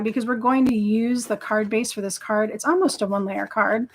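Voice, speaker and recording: Chatty lady doing a live craft stream, gets excited and rambles a lot. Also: fairly high pitch, normal speed, hardly any pauses. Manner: chatty, enthusiastic, rambling with fillers. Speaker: craft livestream host. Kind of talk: casual live craft demo chat.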